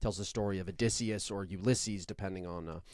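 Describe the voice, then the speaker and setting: A man co-hosting a casual sports podcast, telling stories with dry, deadpan sarcasm and lively energy. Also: low-pitched, a little fast, dry recording. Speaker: podcast co-host. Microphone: own microphone, remote recording.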